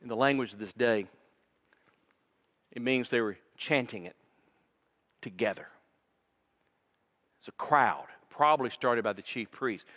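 A man's voice: mid-range voice, measured pace, pauses often, fairly bright tone. A male pastor preaching a sermon in a church, dramatic and emphatic, repeating words as his intensity builds. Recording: long reverb of a large hall.

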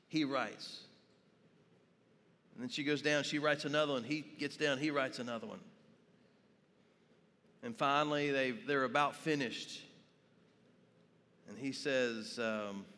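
A man's voice: medium pitch, a bit bright, big-room sound. A man preaching a sermon as pastor, telling stories and asking his congregation questions. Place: church sanctuary.

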